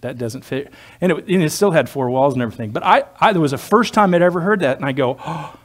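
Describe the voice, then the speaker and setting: A man's voice: fairly high pitch, expressive, quick pace. Joking, rambling male pastor preaching. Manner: conversational, digressive, joking asides. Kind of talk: sermon.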